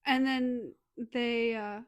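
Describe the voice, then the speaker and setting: A woman co-host adding plot details to a casual book chat in a fairly high voice. She chimes in with quick agreement. The sound is dry and close, with no room around it. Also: fairly even intonation, no echo. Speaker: podcast co-host.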